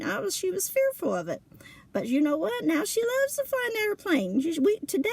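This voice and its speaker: A woman telling a funny personal story in a lively, colloquial way, laughing often between lines. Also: very high-pitched, moderate pace, vocal fry. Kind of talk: casual spoken storytelling.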